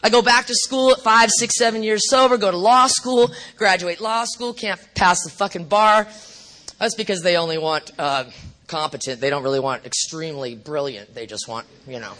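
A middle-aged woman speaking at a recovery meeting, telling her story bluntly and profanely with animated asides. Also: on the low side, moderate pace.

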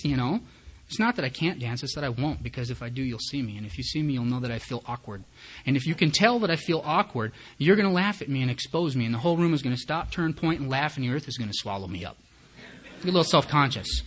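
A man with a husky voice shares his recovery story before a meeting crowd. He is candid and self-mocking, and he acts out his own inner thoughts as he tells it. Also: medium pitch, animated, fast. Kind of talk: personal recovery testimony told as a story.

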